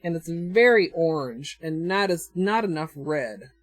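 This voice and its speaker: A nail art livestreamer with a Minnesotan accent chats casually, thinking aloud as she demonstrates and answering her chat with frequent chuckles. Her voice is low, expressive, and a little slow, with no echo.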